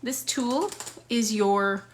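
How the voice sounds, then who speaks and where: A woman's voice: a little high, extremely slow. A middle-aged woman from Canada with an English Canadian accent, giving a chatty live craft tutorial and talking through each step as she works. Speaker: furniture painting demonstrator. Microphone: camera on a stand. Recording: echoey room with background noise.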